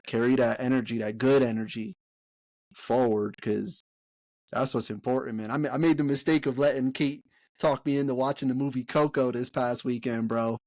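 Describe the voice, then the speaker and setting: A young man co-hosting a podcast, talking in a relaxed, slangy way with lots of fillers and swearing. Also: mid-range voice, moderate pace, no echo. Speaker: podcast co-host. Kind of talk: casual chat.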